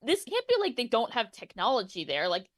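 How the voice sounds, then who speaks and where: A woman's voice: on the high side, huge pitch swings, brisk. A woman co-hosting a true crime podcast, reacting with outrage and swearing. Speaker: podcast co-host. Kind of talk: casual podcast chat.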